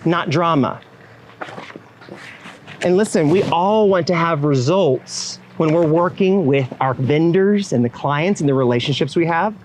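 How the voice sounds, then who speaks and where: Animated man giving a motivational keynote. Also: fairly high pitch, slight background noise, rough recording. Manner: animated, acts out quoted inner voices and clients; talks straight to the audience with frequent asides. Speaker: keynote speaker at a wedding professionals' event.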